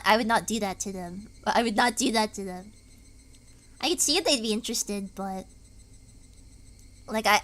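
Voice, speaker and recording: A young woman streamer chatting casually and wordily, her pitch swooping up and down a lot. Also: fairly bright tone. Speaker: VTuber streamer. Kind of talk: casual live-stream chat.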